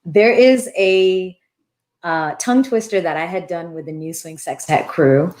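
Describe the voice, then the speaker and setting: Animated woman hosting a live chat. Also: on the low side, a little slow. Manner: warm, animated, thinks aloud with restarts. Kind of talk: casual live-stream Q&A, reading comments aloud.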